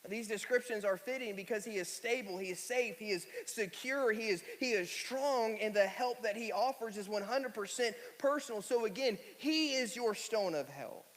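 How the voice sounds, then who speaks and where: A man preaching a sermon, emphatic and repeating phrases, slowing down to stress key words. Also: high-pitched, fairly bright tone. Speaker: pastor. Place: church sanctuary. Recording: long reverb of a church hall.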